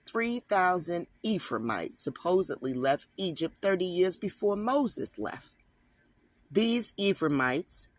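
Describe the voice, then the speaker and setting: This man teaches online in a fairly high, fairly bright voice, recorded without echo. He reads an article aloud and breaks off into casual, emphatic commentary aimed straight at his viewers, speaking conversationally and directly to them.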